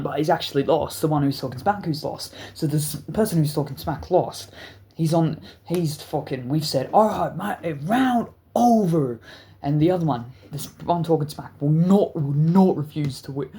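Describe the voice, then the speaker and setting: A man's voice: on the high side, normal speed, mellow. A man telling a wild story in a rambling, profane, casual way, full of restarts.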